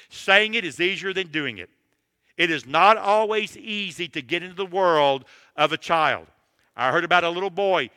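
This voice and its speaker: Bright-voiced man preaching emphatically. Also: on the high side, no room sound, in a large hall. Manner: emphatic, numbered points, direct address. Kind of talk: sermon.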